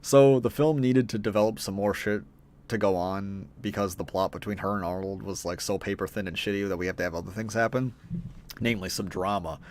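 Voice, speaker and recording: A man's voice: fairly low pitch, steady tone, fairly quick, a little mellow. A man ranting through a film review in a profane, exasperated way.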